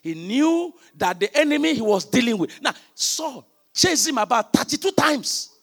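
A male preacher with a very high, gravelly voice delivers a sermon with forceful, tense energy. He fires rhetorical questions at his listeners and rises into shouted emphasis. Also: very animated, normal speed.

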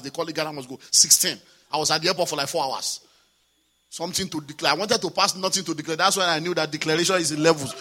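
Nigerian pastor, male, sermon storytelling; lively, hushed to shouting, sharp tone. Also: fairly high pitch, brisk. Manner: animated, swings from hushed to shouting.

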